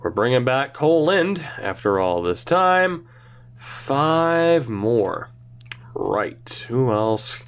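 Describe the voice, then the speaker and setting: A young man casually narrating a hockey video game, thinking aloud and rambling with self-mocking asides. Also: medium pitch. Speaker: gaming channel host. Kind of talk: casual gameplay commentary.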